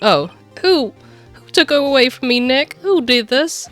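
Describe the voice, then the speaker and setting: Playing a game's melodramatic young man, a woman wails in exaggerated despair with a fake Southern country accent. Pitched above her own voice, she sounds high, expressive and a bit bright at a measured pace. Faint music plays in the background.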